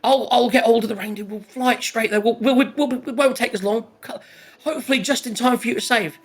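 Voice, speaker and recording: A man voicing a wily woman who flies the reindeer sleigh, in a high, breezy falsetto. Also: fast talker. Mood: reassuring.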